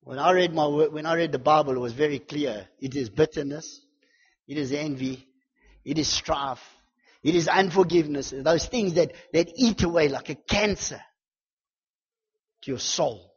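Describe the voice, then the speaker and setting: A male preacher with a husky, slightly high voice delivers a fervent sermon, building repeated refrains and swinging from loud declarations to hushed intensity. His voice rings with a long church reverb on a dull, muffled recording. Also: a little slow, pauses often. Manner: repetitive, builds lists and refrains.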